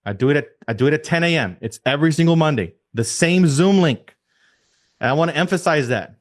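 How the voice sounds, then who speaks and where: A man who leads a real estate team, giving an energetic coaching talk on a video call, repeating his key points and firing rhetorical questions at his listeners. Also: a little high, racing.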